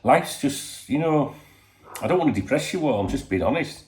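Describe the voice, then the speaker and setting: A man's voice: mid-range voice, animated, normal speed, darkish tone, reverberant. A man chatting casually to his channel, rambling and swearing freely, full of "you know". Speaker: channel host. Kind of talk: casual chat to camera. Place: home in Spain.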